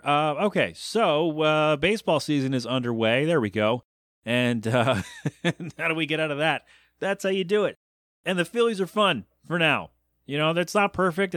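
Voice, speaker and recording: A man's voice: fairly high pitch, a bit bright, dry recording, clean studio sound. A man hosting his own podcast, rambling in a casual, chatty way, often correcting himself and joking about himself. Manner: self-deprecating jokes. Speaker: podcast host.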